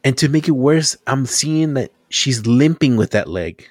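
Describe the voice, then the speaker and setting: Young man, casual chat, lively storyteller, dry close sound. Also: mid-range voice, a little slow, no echo. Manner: animated storytelling, acts out quotes.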